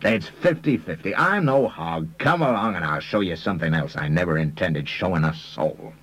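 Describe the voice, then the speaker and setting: Brash, scheming American con man, as a man puts him on, throwing out slang with a husky, low swagger and a voice that bounces up and down. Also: expressive, a bit bright, no room sound, poor audio. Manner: fast-talking slangy swagger.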